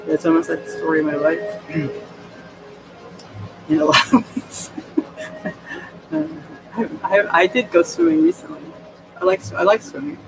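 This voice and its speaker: A high male voice with big pitch swings and a creaky quality moves at a moderate pace, pausing often, against background noise. The man, a New York State vlogger, rambles digressively to his camera at home, with many restarts and plenty of laughs. Music is playing, and he's recorded through the camera's mic.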